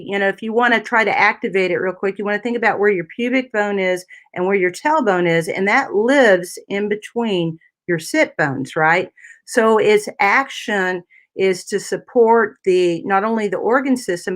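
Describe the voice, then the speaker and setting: A woman's voice: mid-range voice, normal speed, a bit bright. Woman explaining anatomy step by step. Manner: explains step by step while showing a 3D anatomy model, frequent "you know" and "right?". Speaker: physical therapist guest. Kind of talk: explanatory talk-radio interview.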